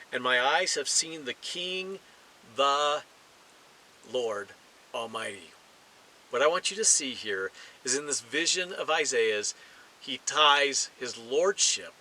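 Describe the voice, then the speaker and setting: A middle-aged man preaching a sermon, emphatic and deliberate, slowing down to stress key phrases. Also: mid-range voice, sharp tone, poor audio. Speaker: pastor.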